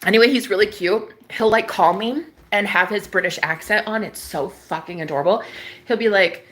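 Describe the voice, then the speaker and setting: A young woman vlogger telling a story in casual chat, chatty and excitable, swearing freely and breaking into laughs. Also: medium pitch, moderate pace.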